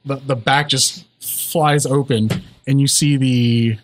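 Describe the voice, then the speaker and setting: A man running a tabletop game as game master, narrating slowly with many pauses and ums. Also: medium pitch, fairly even intonation.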